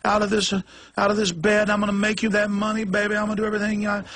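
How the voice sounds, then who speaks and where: A groveling, injured woman, put on by a male talk host, pleads and fawns, promising to get up and earn again. The voice sits a little high and bright with a husky edge. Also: monotone, racing, no echo. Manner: pleading, fawning. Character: injured female prostitute groveling to her pimp.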